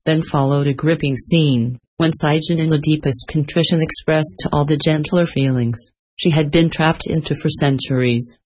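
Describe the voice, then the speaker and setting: A woman narrating a story in an even, unhurried reading. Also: deep voice, poor audio.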